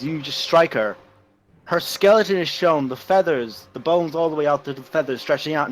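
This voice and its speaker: A man running a tabletop role-playing game as game master, narrating scenes in vivid detail. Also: a little high.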